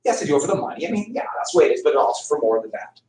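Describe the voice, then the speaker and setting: A man's voice: fairly high pitch, very fast, slight background noise. A man teaching a history class, telling it like a story with acted-out quotes and questions to students. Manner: animated storytelling, acting out quotes, quizzing students. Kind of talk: classroom lecture. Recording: echoey classroom, far from the mic.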